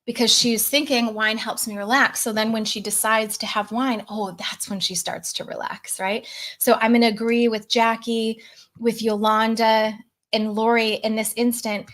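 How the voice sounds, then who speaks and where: A woman's voice: on the high side, flat delivery, normal speed, a bit bright. A middle-aged woman coaching on a live stream, chatting casually and reading out viewer comments.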